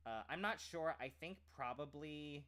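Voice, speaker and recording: A man's voice: fairly high pitch, unhurried, bright, forceful tone. Rambling man chatting on stream. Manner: rambling, full of "like" fillers and restarts. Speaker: streamer and aspiring voice actor. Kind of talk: casual chat.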